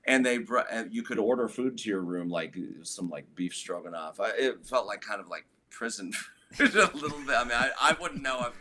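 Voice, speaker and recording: Brief: man with a lowish voice, guest musician, chatty rambling storyteller in a relaxed interview. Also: normal speed, slight background noise. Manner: rambling, full of "like" and restarts.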